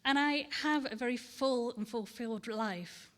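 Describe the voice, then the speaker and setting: A woman reading her poems aloud and talking candidly between them at a festival event, earnest and measured. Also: on the high side, fairly bright tone. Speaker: poet. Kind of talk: poetry reading with personal talk. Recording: long hall reverb.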